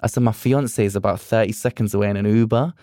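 Young guy telling stories on a podcast, animated, does all the voices, dry sound. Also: lowish voice, fast talker, no room sound. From England. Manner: animated, acts out quoted dialogue. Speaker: podcast guest, drag performer. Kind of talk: casual storytelling chat.

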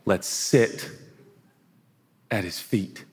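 A pastor preaching a sermon in an earnest, conversational way, now and then dropping to a hush. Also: male voice, on the low side, drawn-out words, long reverb tail. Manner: earnest, conversational preaching with sudden hushed asides. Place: large auditorium.

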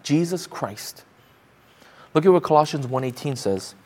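A man's voice: fairly high pitch, lively intonation, a little slow, darkish tone. A man preaching a sermon as pastor, emphatic, repeating phrases and asking the congregation pointed rhetorical questions.

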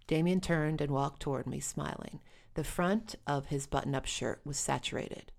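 A woman's voice: deep voice, moderate pace, vocal fry, a little mellow. A woman telling a first-person story with wry, dry humor.

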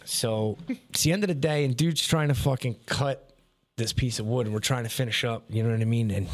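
Profane, animated man telling stories. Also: mid-range voice, fairly quick. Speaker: podcast co-host. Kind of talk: casual storytelling chat.

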